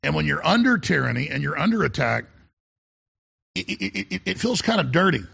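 A middle-aged talk radio host delivers an urgent, intense monologue, often stammering and repeating words as he restarts. His voice is gravelly and husky yet bright and forceful, pitched on the high side with big swings, and he talks briskly.

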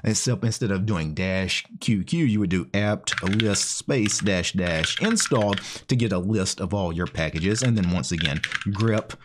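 Male channel host, slightly low voice, casual step-by-step tutorial talk with "you know" and "right?". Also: a little slow, hardly any pauses, noisy background. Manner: explains step by step while typing commands. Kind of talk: casual screen-share tutorial.

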